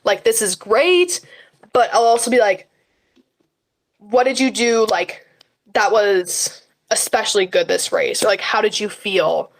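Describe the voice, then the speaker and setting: A woman's voice: medium pitch, unhurried. A teenage girl talking as a podcast guest in a casual interview, chatty and full of fillers, often acting out her own words to others. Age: high school teen. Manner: chatty, frequent fillers and quoted self-talk. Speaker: guest, high school runner.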